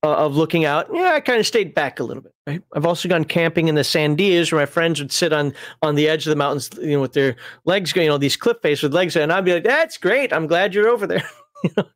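Animated man telling a story, dry sound. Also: a little high, fast talker, hardly any pauses, no room sound. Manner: animated storyteller, laughs at himself, many restarts. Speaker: host explaining game rules. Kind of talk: casual explanatory talk with a personal story.

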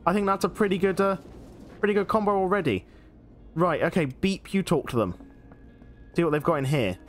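A man's voice: sits high, fairly quick, faint music behind. Chatty man doing game commentary. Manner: chatty, excitable, many fillers. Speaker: gaming channel host. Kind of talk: let's play commentary.

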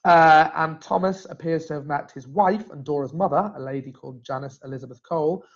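A man presents family history in a loose, conversational live-stream manner, with a slightly raised pitch and a gravelly edge. He often backtracks and fixes his words mid-sentence. The sound is dull and lo-fi, like streamed web audio. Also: brisk. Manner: chatty, self-correcting, frequent restarts. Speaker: genealogy presenter. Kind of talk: casual live-stream talk.

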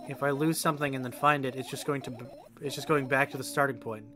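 A man's voice: mid-range voice, steady tone, fast talker, music in the background. A man streaming a game, reading its text aloud and breaking in with sarcastic, swearing asides.

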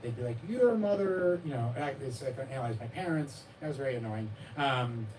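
A man's voice: mid-range voice, fairly even intonation, fairly quick, a little hiss or hum. A man at a live bookstore event talking about his memoir, rambling and self-deprecating, with many restarts and fillers, often acting out the voices of others with a laugh. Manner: acts out his child's and readers' voices with laughs. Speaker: author discussing his memoir. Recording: distant mic with room ambience.

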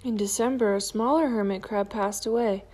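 A woman reading a children's picture book aloud in a calm, clear storytelling manner. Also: mid-range voice, moderate pace. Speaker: storybook reader.

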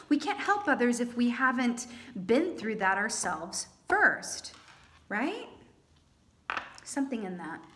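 A woman talks viewers through a tarot spread in a loose, chatty way. Her pitch swings widely, and playful exclamations break into her talk. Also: a bit bright, slight background noise. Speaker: tarot reader. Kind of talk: casual tarot reading monologue.

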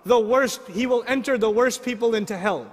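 A middle-aged man preaching a sermon, asking the audience lively rhetorical questions. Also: extremely high pitch, brisk. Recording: long hall reverb.

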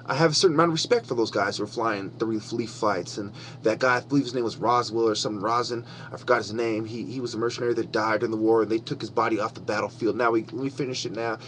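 A man's voice: medium pitch, quick pace, slight background noise. A man giving heated webcam commentary, reading passages aloud and then breaking off into angry, profane rants. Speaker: vlogger. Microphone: webcam mic.

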